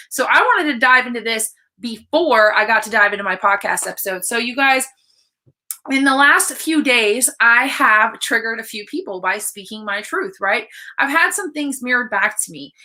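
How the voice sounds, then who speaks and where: Blunt excited woman on a livestream, bright voice, swears a lot, talks to viewers. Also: a little high. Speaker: coach hosting a livestream. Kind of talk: casual live-stream talk.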